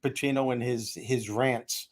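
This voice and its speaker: Chatty New host. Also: male voice, medium pitch, measured pace. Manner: animated, jokey, does impressions. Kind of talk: casual podcast chat.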